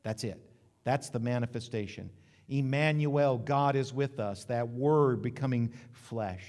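A male pastor preaching in a church sanctuary, mid-pitched and lively, slipping into comic voices for quotes. His voice rings out with a long hall reverb around it. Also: unhurried. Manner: lively, joking preacher who acts out quotes. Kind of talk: sermon.

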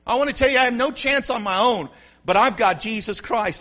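A male pastor preaches in a very high, bright, forceful voice. He swells into shouts and keeps asking the congregation if they are with him. The recording sounds dull and lo-fi. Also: a little fast. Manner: preaching with rising shouts and call-and-response. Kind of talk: sermon.

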